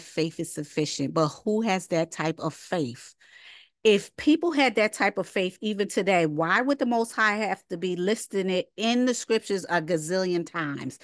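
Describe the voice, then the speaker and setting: In a dry, clean studio recording, a woman with a lowish voice teaches the Bible informally. Her style is emphatic and chatty, with casual asides, and she keeps circling back to her points as rhetorical questions.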